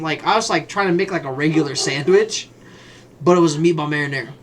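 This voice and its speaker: A man co-hosting a podcast, swearing a lot and telling animated stories in casual chat. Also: fairly high pitch, fast talker, slight background noise. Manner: profane, animated storytelling. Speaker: podcast co-host.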